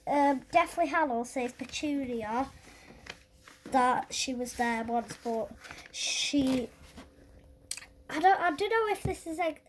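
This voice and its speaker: A British speaker showing books on a casual vlog, thinking aloud with many fillers and pauses while flipping through pages. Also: mid-range voice, a little hiss or hum. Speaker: book collector vlogger. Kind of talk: casual show-and-tell.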